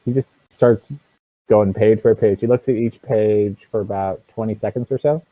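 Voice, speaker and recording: A man's voice: fairly low pitch, steady tone, moderate pace, no room sound. A man narrating as game master in a tabletop game, loose and full of fillers. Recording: tinny phone-like mic, dry.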